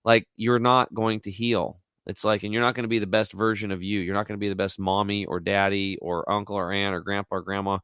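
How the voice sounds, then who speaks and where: Male guest, 40s, low pitch, blunt and emphatic storyteller, dry mic. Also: little pitch movement, a little fast, hardly any pauses, a bit bright, smooth, no echo. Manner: emphatic, rambling, blunt with mild swearing. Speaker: podcast guest. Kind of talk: casual storytelling chat.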